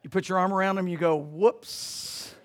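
A middle-aged male pastor preaching with a slightly higher than usual voice. He tells a story softly and quietly, then presses his points with rising emphasis. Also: little pitch movement, very fast. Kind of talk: sermon.

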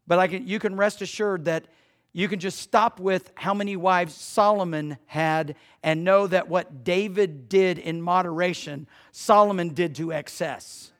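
A middle-aged male pastor preaching with a slightly higher than usual voice. He tells a story softly and quietly, then presses his points with rising emphasis. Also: steady tone, a little slow. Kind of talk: sermon.

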